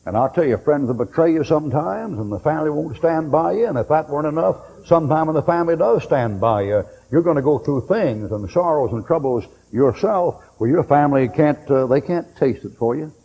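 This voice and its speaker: An older preacher delivering a sermon in a church hall, his voice dark and a little husky. He tells folksy stories and now and then breaks into loud, pressing bursts, with a long reverb trailing each phrase. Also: fairly high pitch, lively intonation, fairly quick, hardly any pauses.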